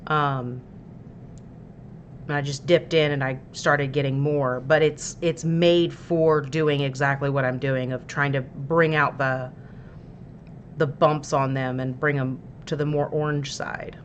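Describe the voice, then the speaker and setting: A woman's voice: very deep voice, fairly even intonation, measured pace, dull audio, a little hiss or hum. A woman hosting a miniature painting livestream, explaining her paints in a chatty, easygoing way with plenty of fillers. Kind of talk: casual paint-along tutorial.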